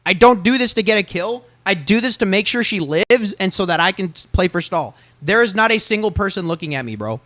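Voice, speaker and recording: A man's voice: sits high, expressive, a little fast, few pauses, a bit bright, no echo. A man reviewing his own gameplay as a lesson, emphatic and repetitive, swearing and saying "bro" often. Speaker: gamer coaching through his own gameplay.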